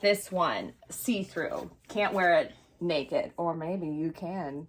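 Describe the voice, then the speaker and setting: A woman's voice: fairly low pitch, slow, a little hiss or hum. A woman hosting a casual vlog in a vintage clothing storeroom, filmed on a phone. She tells a story and shows items in a rambling, chatty way, with many fillers and self-corrections, and she laughs easily. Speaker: vintage shop host showing items. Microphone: phone held by a helper.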